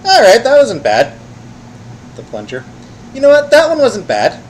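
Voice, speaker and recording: Animated man reacting to a game. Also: very high voice, measured pace, slight background noise, low-quality recording. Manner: wry, reactive, swears casually. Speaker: let's play host. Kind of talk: casual gameplay commentary.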